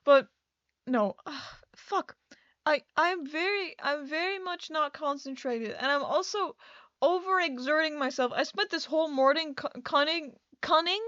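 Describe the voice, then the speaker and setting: A woman's voice: high-pitched, unhurried, a bit bright, no room sound, muffled recording. A woman doing a casual voice-over for her building video, rambling and scattered, with many restarts and bursts of laughter. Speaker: video creator.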